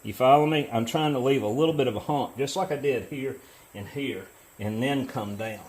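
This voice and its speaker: A man's voice: medium pitch, normal speed, a little mellow, rough recording. A middle-aged man in a workshop, talking casually as he explains his work and drifts into storytelling. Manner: easygoing, chatty, explains as he works. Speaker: metal casting hobbyist host. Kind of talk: casual how-to narration with storytelling. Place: foundry workshop.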